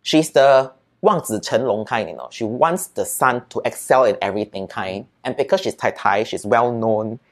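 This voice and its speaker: A man with a Singaporean accent, a podcast guest, telling childhood stories in a lively, chatty way and often adding "right?" and "lah". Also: medium pitch, normal speed, few pauses. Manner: animated storyteller, peppers speech with "right?" and "lah". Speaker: interview guest. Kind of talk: casual storytelling in an interview.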